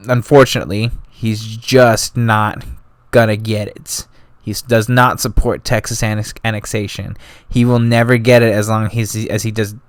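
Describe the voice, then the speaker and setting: A man's voice: on the low side, clean tone, dry recording. A man hosting a history podcast, telling it in loose, slangy, casual talk full of asides. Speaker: podcast host.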